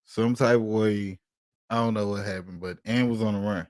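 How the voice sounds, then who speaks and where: A man on a casual podcast telling a story in an animated, profane way and acting out the quotes. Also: lowish voice, moderate pace, dry recording, clean studio sound. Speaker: podcast co-host.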